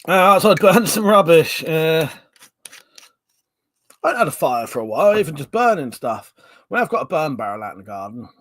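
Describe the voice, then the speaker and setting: A man's voice: a little high, big pitch swings, moderate pace, pauses often, fairly bright tone, no echo. A man hosting a casual livestream from home, reading out viewer comments with frequent laughs, banter and swearing. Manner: chatty and swearing, laughs often, drinking on stream. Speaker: livestream host.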